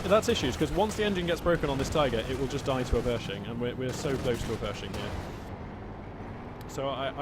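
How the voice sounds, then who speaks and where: A man casting a strategy game match with chatty, playful play-by-play and quick excited reactions. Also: on the high side, heavy background noise. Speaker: video game caster. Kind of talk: live play-by-play game commentary. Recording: loud game gunfire and vehicles behind.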